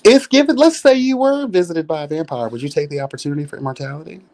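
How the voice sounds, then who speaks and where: A man's voice: on the high side, fast talker, a little mellow. A man co-hosting a casual livestream chat, sassy and playful, calling people child and honey. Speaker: livestream co-host. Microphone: streaming mic.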